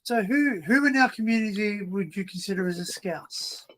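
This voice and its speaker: An Australian man with a notably high voice hosts a relaxed pub-trivia chat. He talks in a chatty, joking, easygoing way, as if speaking over a video call. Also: normal speed. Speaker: host of a trivia livestream. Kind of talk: casual chat, quiz hosting.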